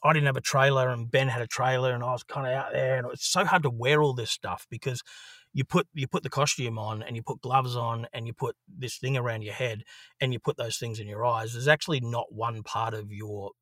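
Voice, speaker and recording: A man with an Australian accent, an actor telling lively stories in an interview. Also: mid-range voice, fairly quick, no room sound, studio quality. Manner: animated storyteller, swears freely. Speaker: actor, guest. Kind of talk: casual interview anecdote.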